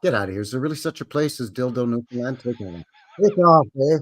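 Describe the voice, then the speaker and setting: A man's voice: mid-range voice, expressive, fast talker. A Canadian man co-hosting a live stream, joking and chatty, tagging "eh" onto his sentences. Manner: joking, chatty, drops in "eh" often. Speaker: co-host. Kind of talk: casual live-stream chat.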